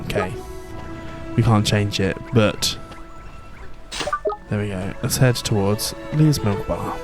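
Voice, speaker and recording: A man's voice: fairly low pitch, slow pace. Man muttering casual gameplay commentary. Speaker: let's play host. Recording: game music behind.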